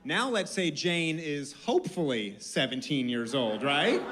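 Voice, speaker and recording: A man's voice: fairly high pitch, animated, measured pace, a bit bright. A male stand-up comedian building a joke step by step with a wry tone. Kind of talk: stand-up routine.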